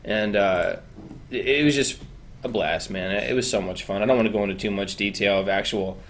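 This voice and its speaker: A man co-hosting a casual gaming podcast, talking in a relaxed, rambling way with many fillers and restarts. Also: fairly low pitch, fairly quick, slight background noise. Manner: relaxed, rambling, lots of "uh" and repeats. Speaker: podcast co-host.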